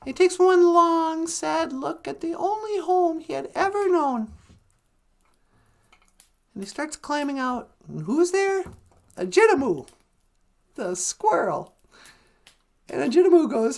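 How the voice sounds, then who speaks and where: A woman telling a folk tale in a casual, animated way, laughing often. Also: very high-pitched, takes it slowly, vocal fry, pauses often. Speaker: storyteller. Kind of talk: casual storytelling.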